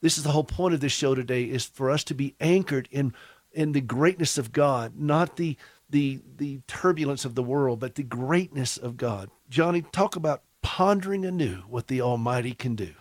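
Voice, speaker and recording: A man hosts a faith talk show in a folksy, joking manner. His pitch sits in the middle of the range. The recording is dry and close, with no room around it. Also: lively intonation, moderate pace, dry recording. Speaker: radio talk show host. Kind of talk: warm humorous talk-show chat.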